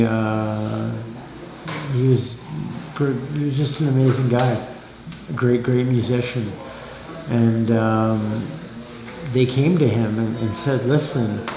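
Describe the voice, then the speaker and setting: Halting man with a gravelly voice. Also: mid-range voice. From Canada. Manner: halting, many fillers and restarts, quotes others in a livelier voice. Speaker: interviewee telling his life story. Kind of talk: casual recounting of personal story. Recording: echoey room with faint noise.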